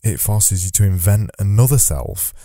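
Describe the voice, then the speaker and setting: A man's voice: fairly low pitch, expressive, moderate pace, warm tone, no echo, studio quality. A man hosting a solo podcast, talking into a microphone from notes in a loose, conversational way, repeating phrases as he thinks aloud. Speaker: podcast host. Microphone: studio microphone.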